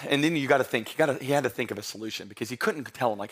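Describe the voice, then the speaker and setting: A man preaching a humorous sermon, telling the story playfully and acting out the characters in hushed asides. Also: racing, few pauses, a little hiss or hum. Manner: playful storytelling, acts out disciples in low hushed voices. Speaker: pastor.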